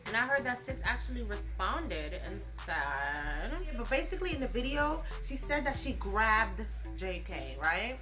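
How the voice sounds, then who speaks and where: A woman's voice: mid-range voice, sing-song, a little slow, hardly any pauses, over music. A young woman vlogging casually while doing her makeup, blunt and profane, full of slang and "like". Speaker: beauty and gossip vlogger.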